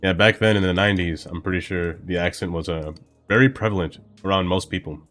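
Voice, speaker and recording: Casual streamer: low-voiced man, rambling chatter over soft music. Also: brisk. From Brooklyn, New York. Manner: rambling, thinks aloud with many fillers. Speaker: game streamer. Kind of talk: casual gameplay commentary chatting with viewers.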